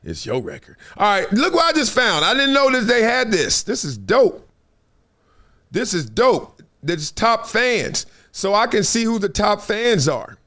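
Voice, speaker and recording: A middle-aged man, a former football player, hosting a casual livestream in an animated, slangy, joking way. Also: high-pitched, a little slow.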